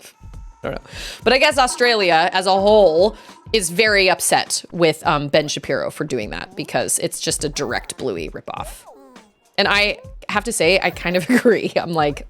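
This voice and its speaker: A fairly low-voiced woman from Utah chats and rambles while she streams a game, laughing often between thoughts. She enunciates every word, with hard R's. Faint game music plays behind her. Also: sing-song, normal speed. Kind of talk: casual chat while playing a game.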